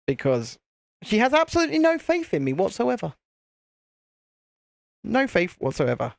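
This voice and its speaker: A man's voice: sits high, huge pitch swings, normal speed, gravelly, dry recording. Chatty British man hosting a live stream. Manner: chatty, self-deprecating, easily flustered. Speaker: channel host. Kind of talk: casual live-stream chat.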